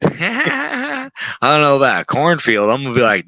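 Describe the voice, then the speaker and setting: A young man talking casually as a podcast guest, laughing often and acting out his own reactions with quick voices. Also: on the high side, wildly swooping pitch, sharp tone, no room sound, muffled recording. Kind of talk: casual chat.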